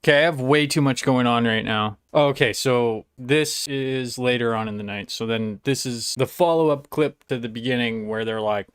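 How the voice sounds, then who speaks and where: A young man live-streaming and chatting casually, swearing a lot and breaking into loud excited outbursts. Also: medium pitch, normal speed, hardly any pauses, smooth, dry recording, studio quality. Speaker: livestreamer.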